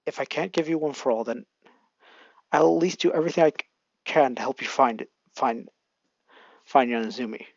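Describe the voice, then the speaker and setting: A fan storyteller voicing a grown adult male hero who speaks in a steady, reassuring way. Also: mid-range voice, brisk, long pauses, no room sound, voice pushed down, lightly acted. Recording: lo-fi home mic.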